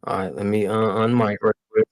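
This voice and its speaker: A man's voice: fairly low pitch, little pitch movement, brisk, rough recording. A man hosting a livestream, talking through tech demos in a loose, slangy, casual way. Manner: loose, slangy, addresses viewers as y'all. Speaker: livestream host. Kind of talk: casual tech demo talk.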